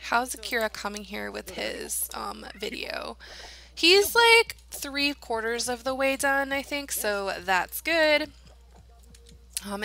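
A young woman talks her way through a life-sim game, chatting to her characters and giggling often. Her voice is bright and sits a little high, and she keeps a loose, casual commentary going the whole time. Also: creaky. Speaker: let's play gamer.

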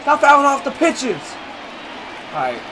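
A man streaming a baseball video game, yelling, cheering and trash-talking, his voice worn out and strained. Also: very high-pitched, huge pitch swings, a little slow, crowd noise, poor audio. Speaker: gaming streamer. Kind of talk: excited gameplay commentary.

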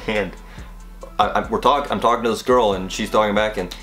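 A young man vlogger telling college stories in a casual, rambling, animated way, full of fillers. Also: fairly low pitch, brisk, soft background music. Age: young adult. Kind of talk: casual storytelling vlog.

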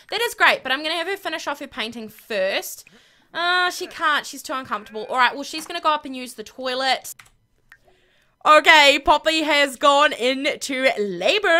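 Bubbly, high-voiced woman gamer. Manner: bubbly, giggly, excitable. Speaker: gaming channel host. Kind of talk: casual game commentary.

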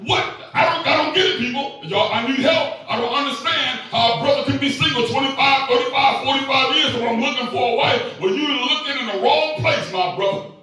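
A middle-aged man preaching a sermon as pastor, animated and joking with the congregation. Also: extremely high pitch, fairly quick, very echoey, recorded from a distance, faint music behind, poor audio.

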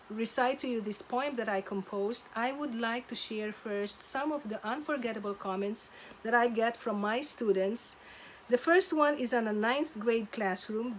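A middle-aged woman, a teacher, telling classroom stories in a careful, measured way with pauses. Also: fairly high pitch, a little hiss or hum. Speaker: substitute teacher. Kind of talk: casual storytelling to camera.

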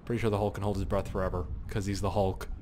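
Young man, casual game commentary, excitable, swears a lot, faint background hiss. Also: sits low, fast talker. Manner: excitable and profane, frequent exclamations and laughs. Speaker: gameplay commentator.

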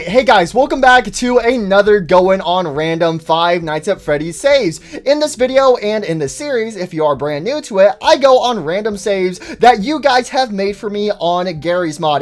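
A man giving excitable gameplay commentary as a YouTuber, with frequent fillers. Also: high-pitched. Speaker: gaming YouTuber.

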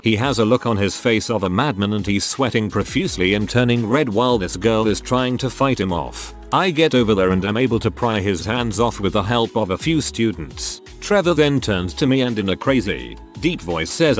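A man narrates first-person stories from a script, his voice sitting fairly low while the pitch rises and falls with lively movement. Soft music plays faintly underneath him. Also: normal speed, few pauses. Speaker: narrator reading online stories.

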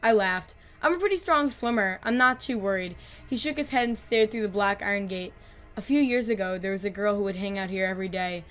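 A woman narrating horror stories in a calm, measured read, her voice middle-pitched for a woman. She drops quieter on the darkest lines, and faint music plays beneath her. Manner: calm, measured, dropping softer on grim lines. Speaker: storyteller.

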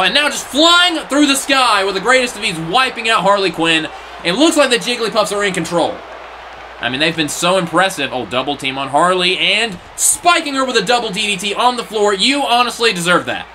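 A young man doing play-by-play for a wrestling video game, his voice high and bright with wide, bouncy swings in pitch. He gets animated, shouting at big moves and grumbling in exasperated asides. A faint hiss of noise sits behind him. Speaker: play-by-play commentator.

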